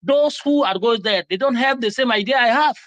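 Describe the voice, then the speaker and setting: Man, high pitch, quick, emphatic, defensive, heated debate, dry sound. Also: fairly bright tone, dry recording, muffled recording. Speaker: discussion participant.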